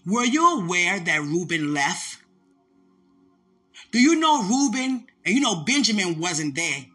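A preacher delivers a fervent sermon with a bright, forceful voice. The delivery swings from high, loud exclamations down to low, near-whispered passages. Soft music plays faintly underneath. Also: very animated, a little slow. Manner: fervent, call-and-response preaching.

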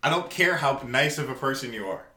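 A man's voice: mid-range voice, lively intonation, a little fast, pushed and bright, roomy sound. A man co-hosting a podcast, delivering an angry, profane, emphatic rant in casual talk. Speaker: podcast co-host.

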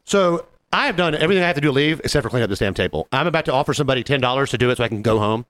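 A man's voice: mid-range voice, rapid-fire, no echo. A man co-hosting a podcast, telling a work story in casual chat, acting out the other people in it and swearing freely. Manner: animated, acts out quoted voices. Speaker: podcast co-host.

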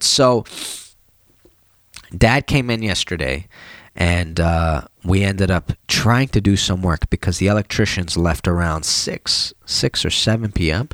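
Tired plumber guy vlogging, chatty and slangy, lowish voice, dry sound. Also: measured pace, dry recording. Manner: chatty, slangy, animated when retelling. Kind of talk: casual vlog talk.

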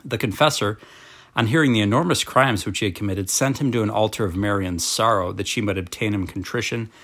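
A man reading a devotional book aloud in a slow, measured, solemn manner. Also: on the low side, a bit bright.

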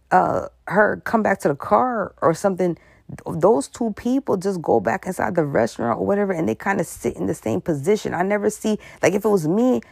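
A vlogger giving casual, rambling and suspicious commentary, with animated asides and laughter mid-sentence. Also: mid-range voice, gravelly, dry recording.

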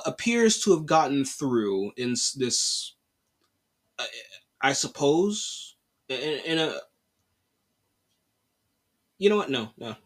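A young man hosting a solo opinion podcast, exasperated and casual, with slangy talk and repeated lines. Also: a little high. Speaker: podcast host.

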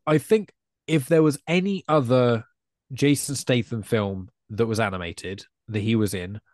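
A man's voice: medium pitch, unhurried, a little mellow, dry recording, studio quality. An English man with a chatty, rambling way of talking, a guest on a casual podcast. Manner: chatty, rambling, self-correcting.

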